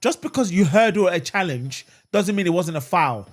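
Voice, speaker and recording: Speaking high and at an ordinary speed, a fan channel host leads a live watchalong of a football match. His animated manner alternates between relaxed chat with viewers, whose comments he reads and answers, and angry shouting at the referee.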